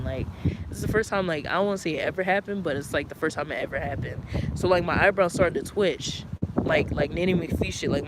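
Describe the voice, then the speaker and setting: A man recounts a story to his livestream in a loose, rambling manner, piling up filler words and profanity. His voice sits a little high for a man. He is outdoors, and loud wind buffets the microphone. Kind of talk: casual storytelling. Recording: loud wind noise on the mic.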